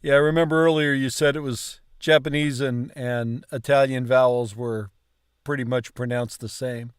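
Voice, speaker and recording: A man learning a language, chatting casually and slowly repeating words as he asks how to pronounce them. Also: medium pitch, fairly even intonation, clean tone, dry recording, studio quality. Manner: slow, questioning, repeats words to test pronunciation. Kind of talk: casual chat about pronunciation.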